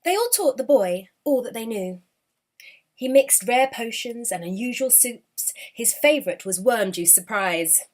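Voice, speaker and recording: A woman reading a children's storybook aloud with an expressive, animated delivery. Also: fairly high pitch, a little slow.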